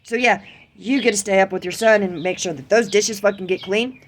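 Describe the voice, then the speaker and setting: A woman's voice: mid-range voice, brisk, a little hiss or hum. A woman vlogger venting in a heated, profane rant straight to camera. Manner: heated, ranting, heavy swearing.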